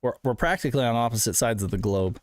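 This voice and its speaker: A man from the United States hosting a casual gaming livestream, excitable and jokey, breaking into loud protests. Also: medium pitch, fast talker. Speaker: stream host.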